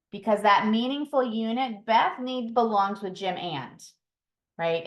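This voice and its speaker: A woman leading a training session for reading mentors, explaining routines patiently with occasional ums and self-corrections. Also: medium pitch. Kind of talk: instructional training talk. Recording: roomy echo.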